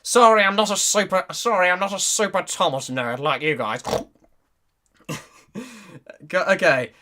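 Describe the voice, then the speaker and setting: A man's voice: high voice, slow, sharp tone. A young man, hosting a casual livestream Q&A, reading chat and rambling with frequent giggles. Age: young adult. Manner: giggly, rambling, restarts sentences often. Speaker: YouTuber and voice actor hosting a Q&A.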